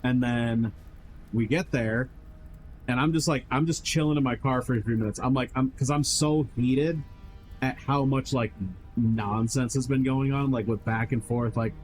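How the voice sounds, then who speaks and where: In poor audio with soft music behind him, a streamer rambles through a long story in casual chat, swearing a lot, filling gaps with filler words, and imitating what others said. His mid-range voice has a darkish tone and a moderate pace.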